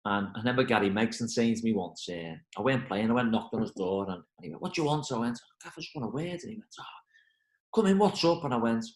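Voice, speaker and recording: A man's voice: medium pitch, quick pace, reverberant, low-quality recording. A football manager, chatting in an interview and acting out the voices in his stories. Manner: animated storyteller, acts out quoted voices. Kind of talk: casual interview.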